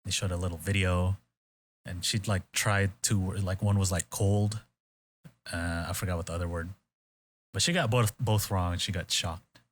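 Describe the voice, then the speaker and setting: Low-voiced man retelling a show loosely. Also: steady tone, normal speed, a little hiss or hum. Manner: rambling retelling with quoted voices and swearing. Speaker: podcast host. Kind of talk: casual chat.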